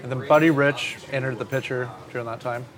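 A man's voice: medium pitch, fairly quick, noisy background. A man, a drummer, telling stories in a casual interview and swearing casually. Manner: animated storyteller, swears casually. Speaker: drummer guest.

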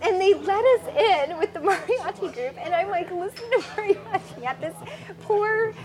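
Woman, high voice, podcast guest, animated rambling storyteller, laughs often, crowd chatter behind. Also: normal speed. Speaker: podcast guest, foundation founder. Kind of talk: casual storytelling interview.

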